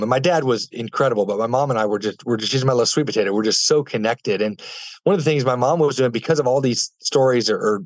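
Young guy talking fast, earnest faith story, lots of fillers, dry muffled audio. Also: medium pitch, no room sound. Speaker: guest. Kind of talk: personal storytelling in an interview. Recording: dull lo-fi dry sound.

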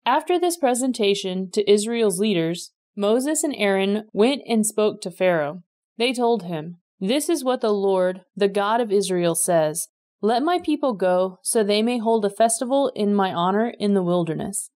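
A woman reading a Bible passage aloud in a steady, measured way. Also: medium pitch. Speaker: scripture reader.

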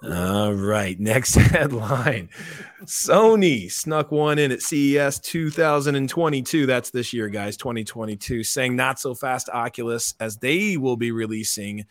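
A man hosts a casual headline rundown, reading stories and cracking asides to his crew. His voice sits at an everyday middle pitch. The sound is dry and close, with no room around it. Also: expressive, a little slow, no echo. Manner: chatty, laughs between headlines, asides to crew. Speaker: show host.

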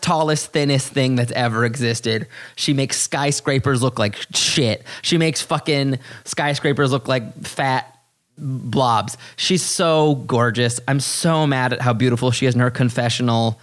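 A man hosting a podcast, talking in animated, exasperated, profane bursts that leap up high. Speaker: podcast host. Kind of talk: casual podcast commentary.

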